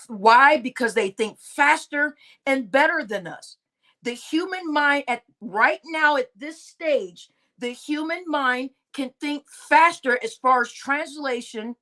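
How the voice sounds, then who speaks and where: A woman's voice: sits high, pushed and bright. A woman hosting a casual livestream monologue, emphatic, often repeating words and asking "right?". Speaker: host of a conspiracy talk stream.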